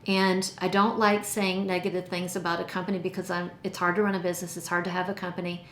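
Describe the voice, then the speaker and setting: A woman's voice: fairly low pitch, level tone, fast, fairly bright tone, a little hiss or hum. A woman casually reviewing perfumes in a chatty, enthusiastic way, stretching out her descriptive words. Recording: roomy echo.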